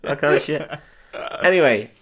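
A man's voice: fairly high pitch, expressive, normal speed, noisy background. A man hosting a podcast, casually recapping a film with swearing, jokes and mocking voices for the characters. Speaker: podcast host.

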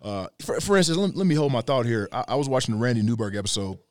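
A man's voice: mid-range voice, expressive, quick pace, no room sound, clean studio sound. A man chatting casually on a hunting podcast, rambling with lots of "you know what I mean". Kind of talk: casual chat.

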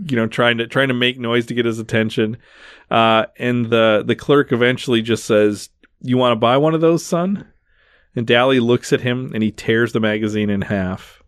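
A man with a mid-range voice hosts a podcast, going through a movie scene by scene in detail and peppering his casual talk with fillers. The studio-quality recording has no echo.

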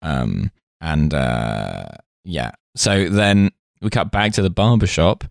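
A man hosting a podcast, recapping a sitcom episode in casual chat with dry, deadpan jokes and frequent laughs. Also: a bass voice, slow pace, gravelly, no echo. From Britain.

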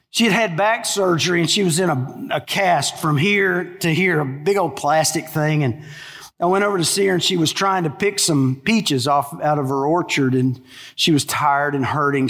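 Male preacher, storytelling sermon, slightly high voice, long hall reverb. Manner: storytelling, drops to a hushed low voice in sad parts. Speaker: pastor.

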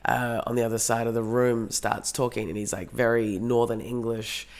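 A woman's voice: extremely low pitch, little pitch movement, normal speed, darkish tone. A woman telling a story in casual podcast chat, rambling with lots of fillers and restarts. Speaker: podcast co-host.

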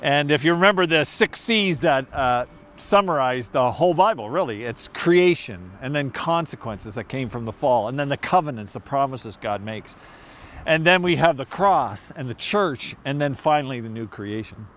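Animated male pastor preaching a sermon. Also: mid-range voice, moderate pace. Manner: storytelling, animated, emphatic.

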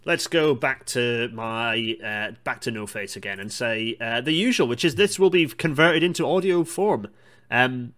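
Male podcast host, casual rambling monologue, mid pitch, enthusiastic myth-buster. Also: measured pace, fairly bright tone. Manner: digressive, myth-busting, enthusiastic asides. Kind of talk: casual solo monologue on railway history.

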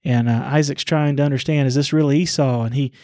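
A man casually retelling a Bible story to his father, pausing often with "uh" and repeating words as he goes. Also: mid-range voice, fairly even intonation, darkish tone, no room sound, studio quality. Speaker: son discussing scripture with his father.

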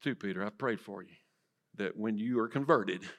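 A man preaching a sermon in church, swinging from loud to hushed and asking the congregation direct questions. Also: on the low side, moderate pace. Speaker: pastor. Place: church sanctuary.

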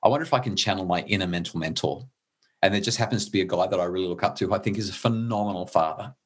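A middle-aged man talks through his ideas in an earnest, conversational way. His voice sits low and carries a husky grain, and he stumbles and restarts when he is moved. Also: very fast. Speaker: parenting guest. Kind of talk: conversational explaining.

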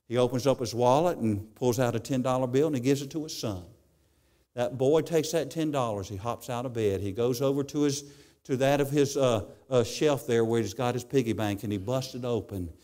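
A man's voice: mid-range voice, dark tone. A male preacher giving a sermon, telling stories and often repeating his words as he goes.

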